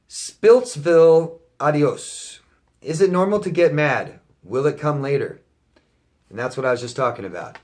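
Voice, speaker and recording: Blunt, profane male life coach. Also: mid-range voice. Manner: blunt and profane, emphatic repetition; reads out viewer questions, then answers them. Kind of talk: viewer Q&A monologue.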